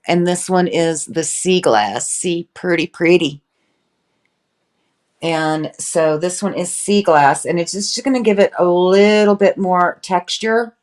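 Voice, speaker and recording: Slow, low-voiced woman painter. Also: a little mellow. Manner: chatty, greets viewers by name. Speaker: furniture painting livestream host. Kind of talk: casual live demonstration.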